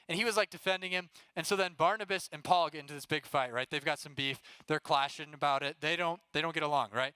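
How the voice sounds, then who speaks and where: Bright, crisp young man giving a youth talk. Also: a little high, brisk, hardly any pauses, no echo. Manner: casual, animated storytelling. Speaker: youth pastor.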